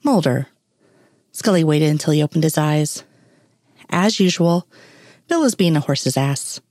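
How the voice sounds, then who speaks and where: A woman narrates a story in a steady, even way. Her voice sits on the low side. The sound is dry and close, with no room around it. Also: normal speed, no echo. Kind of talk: reading fan fiction aloud.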